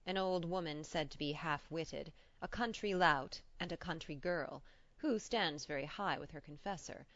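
A woman reading the part of a polite, gently teasing older male doctor in an audiobook, in a measured way. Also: sits low, dry recording, lo-fi sound.

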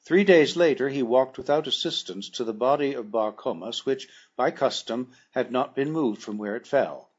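A male narrator reads a classic adventure story in a measured, formal way, his voice mid-pitched and noticeably husky. The recording is dull and lo-fi, with the top end rolled off. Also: animated. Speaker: audiobook narrator.

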